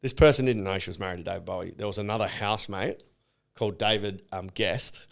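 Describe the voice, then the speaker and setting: A man co-hosting a casual podcast, telling stories in a chatty, animated way with sweary slang. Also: on the low side, quick pace, vocal fry. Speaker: podcast co-host. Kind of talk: casual chat, anecdote telling.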